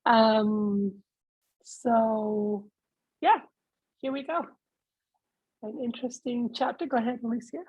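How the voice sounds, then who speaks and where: A woman leading a casual book discussion group, reflective and quick to laugh, calling on members by name. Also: a little high, fairly even intonation, a little mellow, breathy edge, no echo, lo-fi sound.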